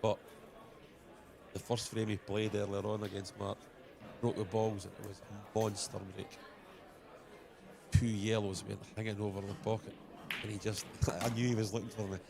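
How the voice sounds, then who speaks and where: A man's voice: on the low side, flat delivery, normal speed, gravelly, long pauses, crowd noise. A Scottish man commentating live on a pool match, chatting colloquially and telling anecdotes.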